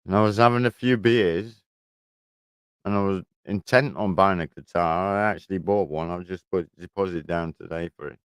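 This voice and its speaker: Deep-voiced swearing man. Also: normal speed, clean tone, dry recording. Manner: rambling storytelling, heavy swearing. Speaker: livestream host. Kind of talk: casual livestream chat. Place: garden shed.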